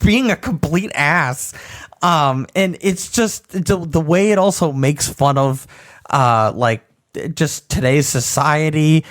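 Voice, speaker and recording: A slightly high-voiced man takes his time as he co-hosts an easygoing podcast about video games. He animatedly describes amusing scenes from games, chuckling throughout.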